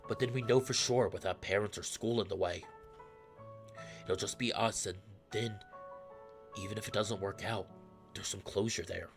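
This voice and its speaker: A man voicing a broad, wistful young man who quietly pleads with his ex to come back, read in a soft, subdued way. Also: fairly low pitch, normal speed, creaky, pauses often, voice pushed down. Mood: earnest. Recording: faint music underneath.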